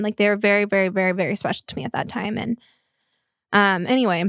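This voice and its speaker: Young woman, podcast guest, emotional, halting, lots of fillers, dry close mic. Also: medium pitch, a bit bright, clear, resonant tone, no echo. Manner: candid, halting, filler-heavy, close to tears. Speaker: guest telling her life story. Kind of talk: podcast conversation.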